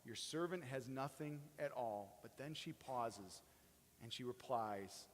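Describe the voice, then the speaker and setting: A man preaching a sermon as pastor, dropping soft for quotes and rising with excitement. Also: medium pitch, slow pace. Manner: swings between hushed quoting and rising excited emphasis. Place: church sanctuary. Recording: long hall reverb.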